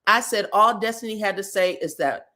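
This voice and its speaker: A woman hosting a casual reality TV recap, animated and profane, acting out quotes with loud outbursts and laughter. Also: medium pitch, moderate pace.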